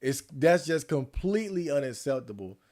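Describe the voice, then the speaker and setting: A man's voice: on the high side, big pitch swings, moderate pace, darkish tone. A man chatting casually on a livestream, ranting and rambling with frequent restarts.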